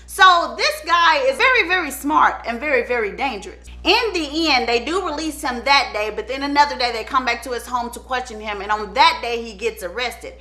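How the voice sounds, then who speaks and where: Woman, casual true-crime storyteller, chatty and animated, high pitch, bright tone. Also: normal speed, hardly any pauses. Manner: animated, chatty, acts out the quotes. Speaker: storyteller and channel host.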